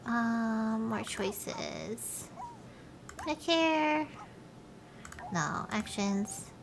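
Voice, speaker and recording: High, lively-voiced woman streamer. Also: very slow, gravelly, background noise. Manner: chatty, talks to the game characters, swears playfully. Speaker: live streamer. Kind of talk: live gameplay commentary.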